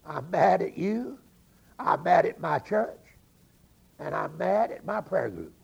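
A man telling a sermon story and briefly voicing an indignant churchgoing woman in his own gravelly, husky voice. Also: on the high side, expressive, takes it slowly, darkish tone, dull audio, exaggerated voice. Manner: emphatic, listing grievances. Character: indignant churchgoing woman, frustrated with unanswered prayer.

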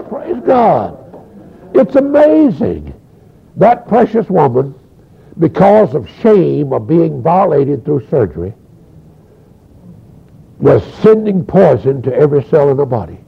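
A male preacher with a gravelly, husky voice tells a story from the pulpit. His pitch swings widely as he stumbles over repeated words. The recording sounds dull and lo-fi. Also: huge pitch swings, takes it slowly, pauses often. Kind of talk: sermon storytelling.

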